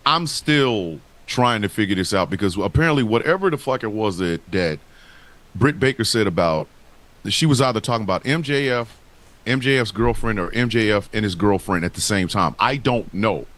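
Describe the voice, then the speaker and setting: A man's voice: on the low side, animated, normal speed, fairly bright tone. A man co-hosting a casual wrestling talk show, speaking in a heated, profane and emphatic way. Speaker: podcast co-host.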